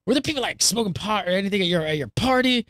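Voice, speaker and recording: Animated man telling a story, bright voice. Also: high-pitched, racing, dry recording, studio quality. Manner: animated storyteller acting out quotes. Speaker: show host. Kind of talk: casual podcast chat.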